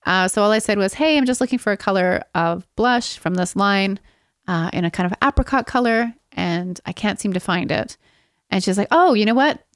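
In a relaxed podcast conversation, a female co-host winds through a rambling story and laughs frequently. She speaks in a mid-range voice at a moderate pace, captured at studio quality without room sound.

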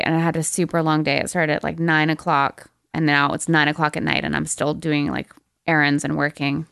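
A young adult woman co-hosting a podcast, telling a story in casual chat, animated and laughing often. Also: deep voice, smooth, no room sound, studio quality. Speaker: podcast co-host.

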